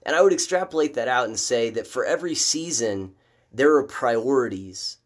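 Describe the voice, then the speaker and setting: A man in casual live-stream commentary, talking politics in an unscripted way. He sounds exasperated and animated, and his voice rises sharply whenever he mocks a view he disagrees with. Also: medium pitch, brisk.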